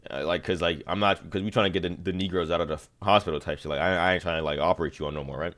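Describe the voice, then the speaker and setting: A man's voice: deep voice, fairly even intonation, very fast, a bit bright. A young man streaming to his chat, telling a long story in a rambling, slang-heavy way and repeating "you see what I'm saying.".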